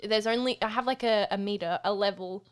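A woman's voice: mid-range voice, fairly quick, clean tone. Playful Australian woman podcaster. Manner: playful, laughing, easygoing. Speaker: podcast co-host. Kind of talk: casual podcast chat.

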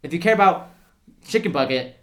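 A young co-host chatting casually through a food review, teasing the other host and correcting themselves as they talk. The voice sits at a middling pitch, and the room gives it a noticeable echo. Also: expressive, fairly quick. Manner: joking, self-correcting.

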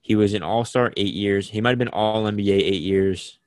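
A young man co-hosts a podcast, chatting casually about basketball and filling his speech with lots of "like." His voice is on the low side and fairly quick, captured in a dry recording.

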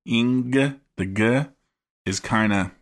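A man co-hosting a podcast about a film, talking in an analytical way and often pausing to search for words. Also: mid-range voice. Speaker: podcast co-host. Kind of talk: casual film-discussion chat.

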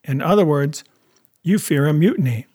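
Calm, reasoning country doctor, voiced by a male narrator; measured and unhurried. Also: fairly high pitch, no echo, studio quality. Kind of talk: audiobook character reading.

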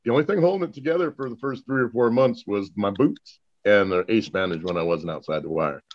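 Hesitant middle-aged man, muffled sound. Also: lowish voice. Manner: halting, self-deprecating, hesitant. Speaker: podcast guest, veteran. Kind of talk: casual chat.

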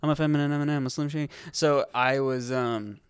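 A man's voice: medium pitch, fairly even intonation, fairly quick, clear, resonant tone, no echo, clean studio sound. A man co-hosting a crude comedy podcast, telling rambling, profane stories with sudden outbursts. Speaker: podcast co-host.

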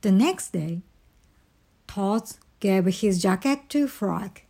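A woman reading a children's storybook aloud in a careful, deliberate way. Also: medium pitch, expressive, gravelly, dark tone. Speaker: storybook reader.

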